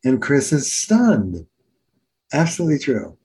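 A man's voice: medium pitch, measured pace, breathy edge, rough recording. A middle-aged man from New Jersey, a therapist telling stories in a conversational interview. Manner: animated storyteller, acts out quotes. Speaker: therapist and author.

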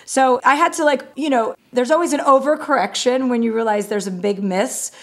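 A woman's voice: a little high, a little fast, a bit bright. A woman comedian, a guest in a casual interview, telling candid stories, acting out quoted conversations and using many fillers like "you know".

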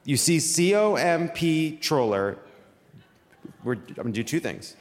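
A man hosting a comedy show, delivering a live monologue with mock-serious timing and sudden shouts. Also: fairly high pitch, animated, measured pace. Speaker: comedy podcast host. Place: theater stage before a live audience. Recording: live hall recording with reverb and faint noise.

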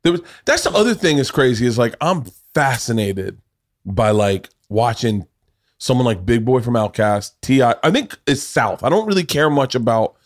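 A man hosting a podcast in casual chat, rambling and swearing with quick restarts. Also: medium pitch, lively intonation. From Southern United States. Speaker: podcast host.

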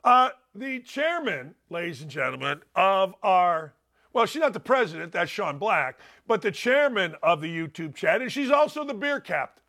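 High, gravelly, bright-voiced sports host. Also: male voice, big pitch swings, normal speed. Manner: loud, rambling, emphatic storytelling. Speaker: sports talk show host. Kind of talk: animated talk show monologue.

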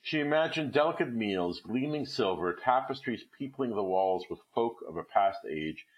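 A man reading a classic short story aloud with expressive literary narration. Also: low voice, low-quality recording.

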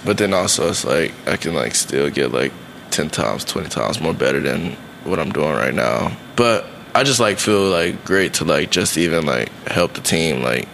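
A man's voice: very deep voice, expressive, normal speed, gravelly, a bit bright, a little hiss or hum. A young man, a college football player, in casual, playful podcast chat, full of fillers and teasing. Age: young adult. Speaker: guest, college football linebacker.

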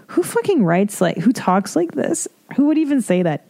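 A woman's voice: mid-range voice, animated, moderate pace, warm tone. A woman hosting a solo podcast, reading from an article and adding blunt, profane, laughing asides. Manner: reads from an article and comments. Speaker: podcast host. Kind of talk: casual solo podcast monologue.

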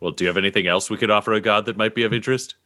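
A man's voice: lowish voice, steady tone, racing, pushed and bright. A man playing a tabletop game, chatting casually in a brash, joking way and swearing. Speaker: player.

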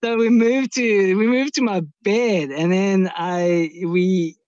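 A man's voice: sits high, steady tone, slow, darkish tone, no room sound, highs cut off. Rambling, swearing male caller. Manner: rambling, heavy swearing, many restarts. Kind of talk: casual storytelling.

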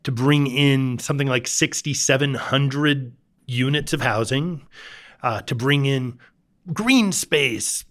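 Male reporter guest, explanatory and thoughtful, mid pitch. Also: slow, fairly bright tone. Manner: thoughtful, explanatory, occasional restarts. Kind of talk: talk show discussion.

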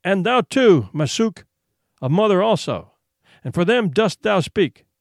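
Storybook boy hunter, proud and solemn as a male narrator reads him, in a lively, fairly high voice, dry close sound. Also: unhurried, no room sound, full character voice. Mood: solemn defiant. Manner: formal old-fashioned solemn speech.

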